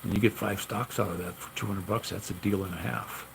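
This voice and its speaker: A man's voice: lowish voice, fairly even intonation, brisk, creaky, noisy background. A man casually telling long stories about his gunsmith work, rambling and repeating himself with lots of "you know". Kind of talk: casual storytelling.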